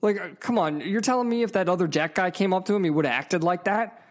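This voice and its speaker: A man's voice: sits high, a little fast. A man in a casual, profane storytelling rant, emphatic and heated, with frequent asides to the viewer. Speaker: vlogger.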